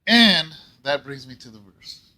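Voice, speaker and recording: A man pastoring a church, telling a story in a casual, rambling way and often clearing his throat. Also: fairly high pitch, expressive, unhurried, sharp tone, rough recording. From California. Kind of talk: casual Bible talk.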